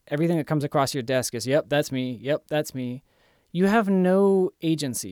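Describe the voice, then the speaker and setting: A man's voice: a little high, a little mellow, no echo, clean studio sound. A man giving earnest, emphatic self-help instruction in a coaching tone. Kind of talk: motivational instruction.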